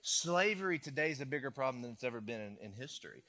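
A young man with a drawl preaching in a bright, forceful voice. He tells the story casually and conversationally, and he drops in playful asides as he goes. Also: medium pitch, expressive, fast. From United States. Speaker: pastor. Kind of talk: sermon.

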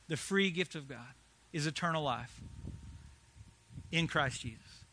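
A male pastor telling a story in a sermon, animated, swinging between hushed and loud delivery. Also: a little high, moderate pace, long pauses, a little hiss or hum.

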